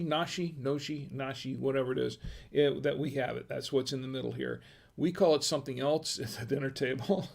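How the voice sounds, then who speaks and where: Host, male, gravelly voice, rambling live-stream tasting chat, pokes fun at himself. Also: mid-range voice, a little mellow. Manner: rambling and halting, with self-deprecating humor.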